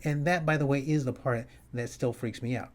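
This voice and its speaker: A male comedian telling a wry story at home in a halting, restarting way. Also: mid-range voice, fairly even intonation. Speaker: comedian and host. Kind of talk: storytelling monologue. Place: his home, upstairs.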